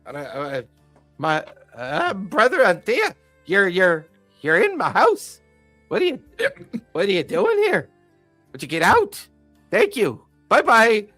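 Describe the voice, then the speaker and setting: A man voicing a drunken, grumpy old man who has claimed a ruined tower, rambling and gruff. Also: high voice, huge pitch swings, slow pace, pushed and bright, no echo, faint music behind, full character voice.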